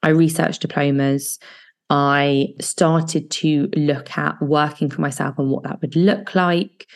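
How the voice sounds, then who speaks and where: A woman hosting a solo advice podcast as a coach, talking listeners through fear with reassuring words and slow guided breathing exercises. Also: deep voice, steady tone. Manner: warm, reassuring self-help delivery with slow guided breathing passages.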